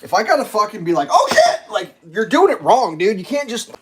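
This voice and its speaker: Fairly quick with a medium pitch, a live streamer recounts traffic incidents in a rambling, swear-filled rant. He uses "like" heavily and is animated, acting out fellow drivers in loud outbursts.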